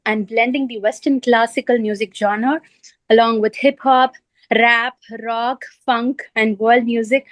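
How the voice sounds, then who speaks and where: A woman composer and singer on a video call, out of breath at a railway station, talking haltingly with many fillers and apologies. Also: a little high, no room sound, poor audio. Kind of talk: video call panel talk.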